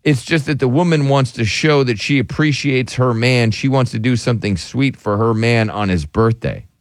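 A man's voice: medium pitch, moderate pace, no room sound. A man hosting a call-in radio show from a studio, playful and teasing in his banter.

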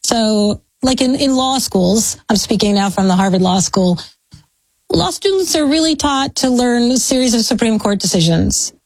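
A woman's voice: a little high, lively intonation, normal speed, a little mellow, dry recording, rough recording. An American woman historian giving long, thoughtful, academic answers in an interview. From United States. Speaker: historian, guest. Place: speaking from a law school.

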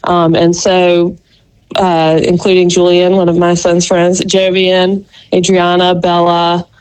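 A woman giving a youth league report on a radio show, unhurried and full of fillers. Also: fairly low pitch, monotone, darkish tone, clean tone, poor audio. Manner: unhurried, filler-heavy, self-deprecating. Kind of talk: casual radio chat.

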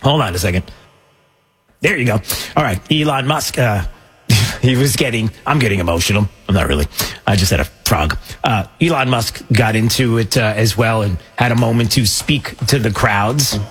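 A man's voice: mid-range voice, expressive, moderate pace, slightly rough, faint music behind. A man hosting a casual commentary show, rambling and joking with many fillers and restarts. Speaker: host.

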